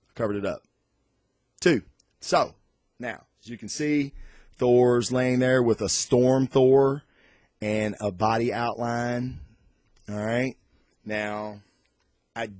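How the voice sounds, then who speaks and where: A man giving a casual, excited comic book review on camera, rambling off on tangents and swearing freely. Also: mid-range voice, dry recording. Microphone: recorded on camera.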